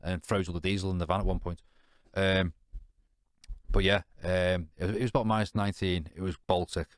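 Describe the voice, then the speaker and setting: On a podcast, a guest with a deep voice and fairly even intonation talks fairly quickly; the recording is dry and studio-clean. He uses British slang to tell a blunt, sweary, candid story about himself. There are many fillers and restarts as he rambles, often adding "you know what I mean".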